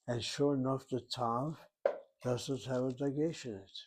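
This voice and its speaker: A man's voice: mid-range voice, steady tone, a little slow, slightly rough. A man teaching a Hebrew grammar lesson, working through each word step by step and reasoning aloud as he goes. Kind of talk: grammar lecture.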